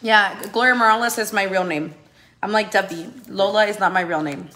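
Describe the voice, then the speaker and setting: A woman's voice: medium pitch, fairly quick, pushed and bright, a little hiss or hum. A woman in her thirties chatting casually to camera at home, laughing often and slipping into Spanish with her kids. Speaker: vlogger and mother. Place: family home.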